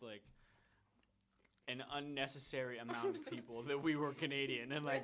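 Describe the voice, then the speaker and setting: A man's voice: mid-range voice, fairly bright tone, slight background noise. Laid-back young man, joking chat. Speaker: student broadcaster. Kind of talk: casual group chat.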